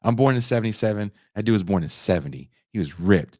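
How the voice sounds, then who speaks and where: A man in his forties casually reviewing a film, profane and animated, acting out the characters' lines. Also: fairly low pitch, quick pace, dry recording, studio quality. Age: 40s. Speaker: podcast host reviewing a film.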